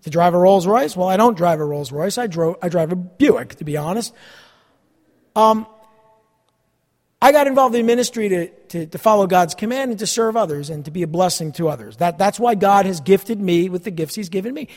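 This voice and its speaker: A man's voice: high voice, animated, moderate pace, a little mellow, in a large hall. A man preaching a conversational sermon as the pastor, earnest and given to repeating words and chuckling. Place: church sanctuary.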